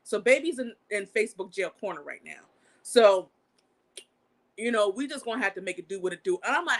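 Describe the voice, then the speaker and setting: This is a young woman running her own channel, spilling a story in a loose, conversational way. She swears casually, and her voice shoots upward when she gets indignant. Her pitch otherwise sits in an ordinary middle range. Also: a little fast. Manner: animated, swears freely, pitch jumps up when outraged. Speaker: channel host. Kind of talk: casual live-stream storytelling.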